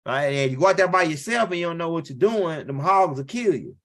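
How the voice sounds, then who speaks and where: Quick and lively in his intonation, this comic has a slightly high, somewhat bright voice. His story on stage is rambling and full of profanity, and he keeps asking the audience "right?"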